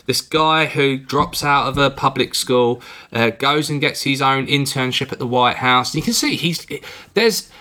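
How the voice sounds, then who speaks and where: A man's voice: mid-range voice, unhurried, bright, forceful tone. A man from England co-hosting a podcast, chatting casually and rambling through a film review, with the odd swear word. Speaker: podcast co-host.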